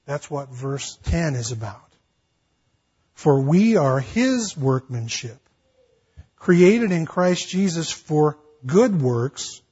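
A man's voice: a little high, darkish tone, slightly rough, dull audio. A man preaching a sermon as pastor, acting out a dialogue between God and Paul with emphatic build-ups.

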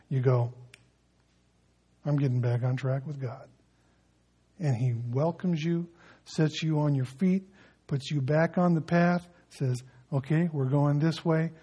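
A man preaching a sermon as a pastor, swinging between loud emphasis and soft, hushed appeals, with folksy asides and light humor. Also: on the high side, husky.

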